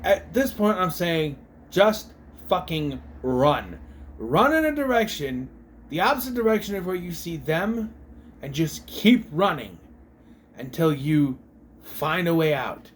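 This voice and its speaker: A man in a casual movie-review rant, his voice pitched a little high and leaping up and down as he gets worked up. He swears freely and acts out the characters' lines in mock voices. A faint noise sits under the recording. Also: sing-song, takes it slowly.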